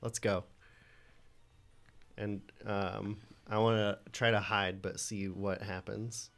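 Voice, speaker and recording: Calm guy player, deep-ish voice, short questions. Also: takes it slowly, creaky. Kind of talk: casual chat as a tabletop player.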